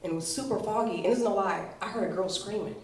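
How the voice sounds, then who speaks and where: A woman doing a stand-up comedy set at a comedy show, telling stories in a brash, profane, animated way. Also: mid-range voice, rapid-fire. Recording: roomy venue sound, mic at a distance.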